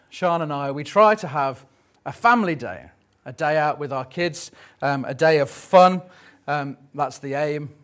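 A man's voice: fairly high pitch, a bit bright. A man in his thirties preaching a Sunday sermon, conversational and jokey, with frequent ums. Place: church service.

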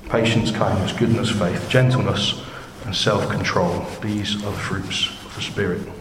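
Chatty preacher in an echoey hall. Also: male voice, lowish voice, fairly even intonation, measured pace. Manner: chatty, conversational, asks the congregation questions. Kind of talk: informal sermon. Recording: echoey hall with background noise.

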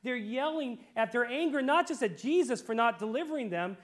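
A man preaching a sermon, going from quiet, hushed lines to loud, impassioned pleas. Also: extremely high pitch, animated, a little fast, hardly any pauses. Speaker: pastor.

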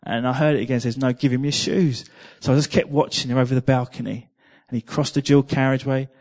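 A man's voice: mid-range voice, fairly even intonation, fast talker, a little mellow. A man preaching a sermon, telling a personal testimony in a chatty way, with repeated words and small laughs.

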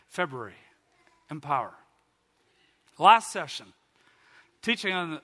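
A middle-aged man preaching a sermon as pastor, telling a story with animated delivery that climbs high when he gets excited. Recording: long hall reverb.

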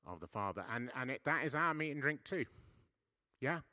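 A man's voice: mid-range voice, very animated, fairly quick, sharp tone, dry recording, studio quality. A man giving a conversational sermon as a preacher, often checking in with his listeners and poking fun at himself. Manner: conversational, self-deprecating, frequent "yeah?" checks. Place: church.

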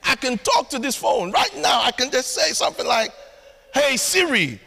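A man preaching a sermon as pastor, animated and storytelling with acted asides. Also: very high-pitched, normal speed, gravelly. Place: church hall. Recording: long hall reverb.

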